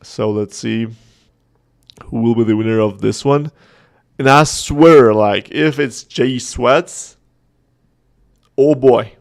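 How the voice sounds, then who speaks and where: Gravelly-voiced man chatting on a livestream. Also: mid-range voice, slow pace. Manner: chatty, joking, reading chat aloud. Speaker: host of a community livestream. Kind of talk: casual livestream chat.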